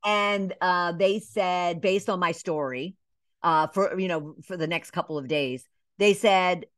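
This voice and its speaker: A middle-aged woman from Atlanta, a business coach, telling her story in a casual interview, with lively asides, many fillers and short bits acting out other voices. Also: on the low side, measured pace, no echo, studio quality. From Atlanta, Georgia. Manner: animated storyteller, acts out quoted voices, many "you know" fillers. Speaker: business coach and podcast guest.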